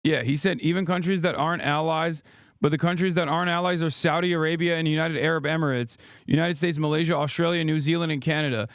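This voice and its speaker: A man in his thirties delivers a heated political rant on a livestream, swearing freely and firing off sarcastic rhetorical questions. His voice sits high for a man. The sound is dry and close, with no room echo. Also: steady tone, fast, clear, resonant tone. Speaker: streamer, political commentator. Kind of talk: ranting livestream commentary.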